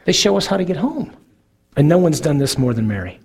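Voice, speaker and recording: A man giving a sermon as a priest, earnest, slowing down to stress key words. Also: on the high side, big pitch swings, creaky, darkish tone, slightly rough. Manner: earnest, slows for emphasis.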